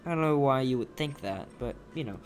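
A man's voice: mid-range voice, lively intonation, a little fast, a little hiss or hum. A man giving casual gameplay commentary as a let's player, joking and reading game text aloud.

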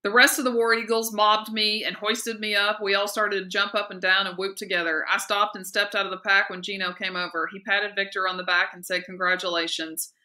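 A woman teacher reading a novel aloud in a steady, lively and expressive way. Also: mid-range voice, a little fast, hardly any pauses. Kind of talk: read-aloud narration of a novel.

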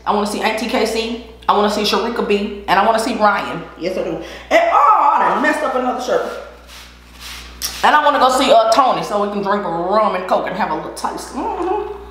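A woman's voice: medium pitch, lively intonation, fairly quick, a bit bright. A woman chatting casually while eating on a mukbang vlog, laughing often and giving encouragement. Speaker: vlogger. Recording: echoey room.

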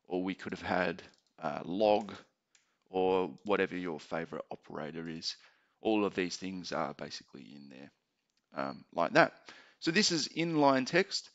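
A man teaching maths in a relaxed tutorial, thinking aloud as he types. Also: lowish voice. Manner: relaxed explaining, thinking aloud while typing. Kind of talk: screen-recorded tutorial. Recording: dull lo-fi home mic.

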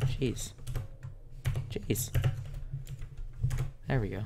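A man's voice: lowish voice, fairly even intonation, slow, creaky, long pauses, background noise. A man hosting a casual coding tutorial, talking step by step while he types. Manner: talks step by step while typing. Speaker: tutorial host.

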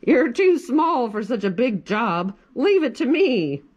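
A woman's voice: on the high side, sing-song, slow, darkish tone, slightly rough, muffled recording, voice pushed up, full character voice. Woman doing a proud whinnying horse. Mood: confident. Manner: whinnying, self-assured. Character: proud confident farm horse.

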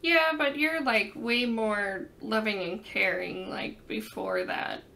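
A woman's voice: on the high side, slow pace, creaky, pushed and bright. A woman co-hosting a casual chat, supportive and agreeing, laughing along with her partner. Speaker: podcast co-host.

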